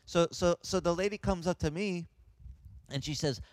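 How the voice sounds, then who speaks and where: A man who is a pastor, telling a lively personal story and acting out the voices of the people in it. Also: high-pitched, moderate pace, dry recording. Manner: animated, acts out voices of others. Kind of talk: storytelling anecdote.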